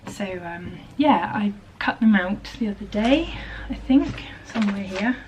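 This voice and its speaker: A woman talks through her morning at her home sewing desk, her voice soft and frequently dropping to a near whisper. She hesitates often with ums, and her pitch sits at an ordinary middle height. A faint hiss of room ambience sits under her voice. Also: expressive, unhurried, rough recording. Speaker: vlogger and maker of teddy bears. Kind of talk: casual vlog chat.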